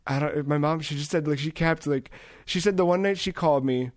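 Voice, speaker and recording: Profane, rambling man, fairly high voice. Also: brisk, no echo, clean studio sound. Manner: rambling, profane, animated storytelling. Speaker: podcast host. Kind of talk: casual chat, anecdote.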